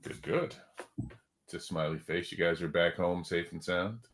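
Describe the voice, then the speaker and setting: A man's voice: low voice, fairly even intonation, normal speed, a bit bright. A man hosting a casual video call chat, talking in a rambling way with frequent restarts. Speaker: host.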